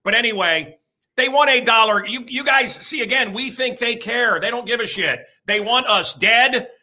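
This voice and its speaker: A man in his sixties hosting a talk show, his voice pitched high with a hard, piercing edge. He rants in an emphatic, rambling monologue, repeating lines for effect. The delivery is crude and at times breaks into shouting. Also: moderate pace. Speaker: radio host.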